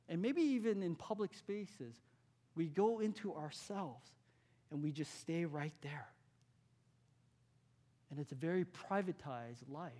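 Man, pastor's sermon, fairly high voice, talks with the congregation, quiets down for emphasis. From California. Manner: conversational, asks the audience questions, drops to a hush for key points.

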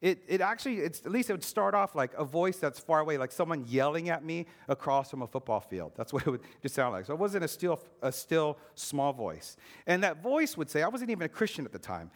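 A male pastor preaching a sermon with personal testimony, earnest and emphatic, slowing down and dropping low on key words. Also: sing-song.

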